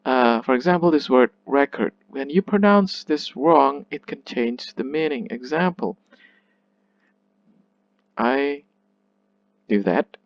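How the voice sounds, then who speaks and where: Slow, careful man giving a lecture. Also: medium pitch, expressive, dry recording. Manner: slow, repeats words, restarts. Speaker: literature lecturer. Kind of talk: classroom lecture. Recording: muffled dry recording.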